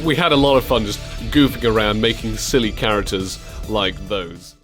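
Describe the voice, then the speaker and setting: A man's voice: on the low side, moderate pace, over music. A young man hosting a radio show, chatting casually, often giggling and slipping into silly voices. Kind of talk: casual chat.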